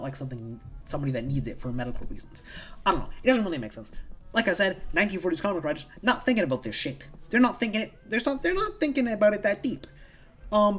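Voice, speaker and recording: A casual comic book reviewer recapping a story in a rambling, profane way that often repeats itself. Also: mid-range voice.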